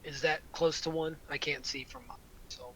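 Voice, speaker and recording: A man playing a cleric in a tabletop game, halting and full of rules questions. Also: fairly high pitch, steady tone, bright, forceful tone, a little hiss or hum, poor audio. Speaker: player, war cleric.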